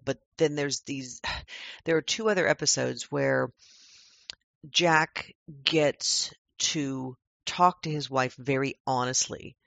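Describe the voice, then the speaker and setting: A man's voice: fairly high pitch, vocal fry, fairly bright tone, no room sound. A man in a casual review chat, reflective and sighing, often repeating words. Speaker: podcast reviewer.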